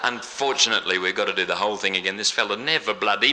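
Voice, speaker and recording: A man's voice: fairly low pitch, fast, few pauses, heavy background noise. A man doing jokey live stage patter between songs, bantering with his band and the audience. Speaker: stage entertainer. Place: large live venue stage. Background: band music.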